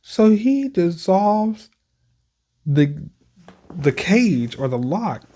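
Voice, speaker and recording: A man's voice: sits high, sing-song, drawn-out words, warm tone. A man hosting a manga reaction, chatting casually and reading the panels aloud in loose, slangy commentary.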